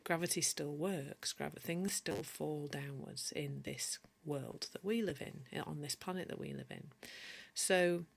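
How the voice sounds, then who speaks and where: A woman's voice: sits low, sing-song, measured pace, gravelly. A woman from Yorkshire with a mild Yorkshire accent, giving a chatty live-streamed teaching talk as a coach and answering viewer comments as she goes. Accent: mild Yorkshire English. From Yorkshire, northern England. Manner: many restarts and self-corrections.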